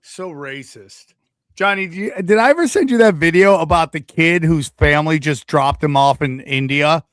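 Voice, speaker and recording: A man's voice: fairly high pitch, normal speed, fairly bright tone, no echo, studio quality. A man hosting a casual comedy podcast, joking and riffing and slipping into goofy put-on voices. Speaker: podcast host.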